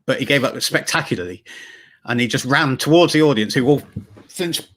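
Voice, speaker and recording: A man hosting a livestream chat, talking casually with many pauses and fillers over a video call. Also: mid-range voice, fairly bright tone. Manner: hesitant, full of fillers. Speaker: livestream host.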